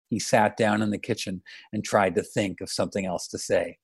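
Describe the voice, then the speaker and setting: A man reading a short story aloud, pausing for relaxed, conversational asides. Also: lowish voice, gravelly, husky, no room sound. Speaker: story reader and podcaster.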